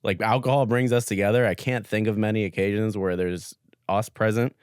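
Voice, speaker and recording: A man's voice: fairly low pitch, fairly even intonation, a little fast, clean tone, dry recording. A young man co-hosting a podcast as its producer, chatting casually with dry, teasing remarks. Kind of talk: casual chat.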